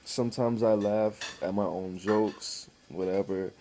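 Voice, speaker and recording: A man speaks to the camera in a rambling, blunt monologue, swearing freely as he goes. His voice sits low and warm, with a soft, dark tone. A faint hiss runs under the recording. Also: steady tone, measured pace. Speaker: vlogger.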